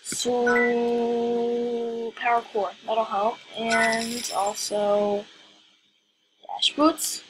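A woman's voice: on the high side, monotone, drawn-out words, long pauses, noisy background. A woman giving casual let's-play commentary, rambling and questioning herself aloud as she plays. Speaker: gaming video creator.

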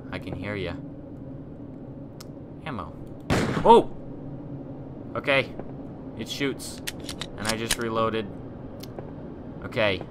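A man's voice: lowish voice, background noise. A man doing casual horror game commentary, joking around, talking to objects in the game and yelping when startled. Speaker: gameplay commentator.

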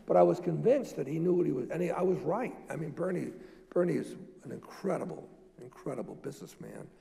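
An older man, a guest at a public talk, telling lively business stories and acting out the dialogue. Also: on the high side, fairly quick, vocal fry. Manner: animated storyteller, acts out quoted dialogue. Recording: echoey hall.

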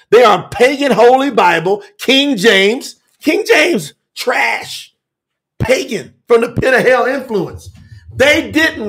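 A man with a very high voice preaches to a telethon audience as a scripture teacher. He's fiery and emphatic, repeating phrases and sometimes shouting.

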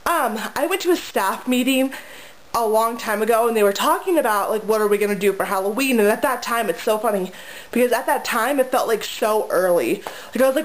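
A young woman with a slightly high voice rambles casually at home, full of "like" and little restarts. She talks to a handheld camera with a faint hiss behind her. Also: expressive, normal speed, rough recording. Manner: rambling, chatty, lots of "like" fillers. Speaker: preschool teacher vlogger. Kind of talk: casual chat. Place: home, indoors.

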